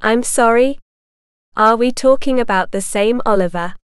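A woman's voice: on the high side, normal speed, clear, resonant tone, no room sound, clean studio sound, close to an everyday voice. A woman reading the part of a puzzled, exasperated man on the phone, with incredulous questions. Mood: bewildered.

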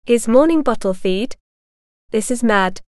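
A woman's voice: fairly high pitch, animated, measured pace, a little mellow, no room sound, clean studio sound. A woman reading the part of a puzzled, exasperated man on the phone, with incredulous questions.

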